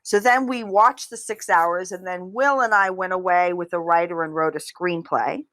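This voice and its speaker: A woman guest on an interview show, telling long stories in a chatty, animated way with plenty of asides. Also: on the low side, normal speed, no room sound, rough recording. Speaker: guest, filmmaker and author. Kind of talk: casual interview storytelling.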